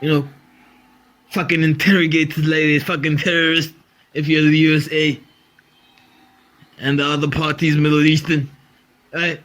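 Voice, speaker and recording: A man's voice: a little high, little pitch movement, moderate pace, long pauses, a bit bright. A man hosting a comedy podcast, riffing animatedly, swearing freely and laughing often. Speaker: podcast host. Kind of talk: comedic monologue.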